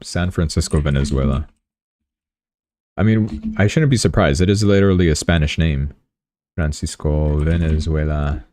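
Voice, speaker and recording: Male livestream host, deep and mellow, casual rambling commentary. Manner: chatty, rambling, joking asides.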